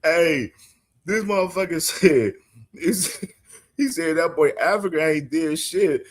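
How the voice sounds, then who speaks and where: A man's voice: on the high side, lively intonation, slow pace. Laid-back slangy man hosting a stream. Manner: slangy, laughs hard, repeats himself. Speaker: boxing show host. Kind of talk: casual streamed commentary.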